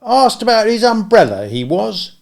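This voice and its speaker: A club cloakroom attendant, as a male narrator puts him on, raised in pitch and clipped. He speaks with deference to his betters but lets a chill creep in, and a gravelly edge sits in the voice. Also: sing-song, moderate pace, a little mellow, exaggerated voice. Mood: disapproving. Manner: clipped, respectful but cold. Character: cloakroom attendant, cool, slightly aggrieved servant.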